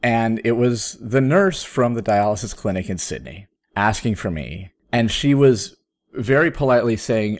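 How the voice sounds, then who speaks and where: A man in his thirties, a podcast host, telling a personal story in casual chat, with sudden jumps up in pitch when he quotes himself. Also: animated, normal speed. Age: 30s.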